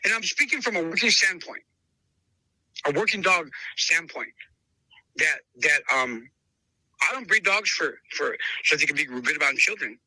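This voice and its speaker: A man's voice: a little high, lively intonation, normal speed, long pauses, pushed and bright, no echo, low-quality recording. A man who breeds dogs, telling stories in a casual interview and acting out both sides of past conversations, often calling the listener brother. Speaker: dog breeder.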